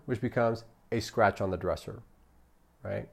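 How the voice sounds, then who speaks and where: A man's voice: lowish voice, moderate pace, creaky. A man giving a customer service training talk, often checking in with "right?" and acting out what customers and staff say. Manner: coaching, repeats "right?" often, acts out customer quotes. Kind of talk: training lecture.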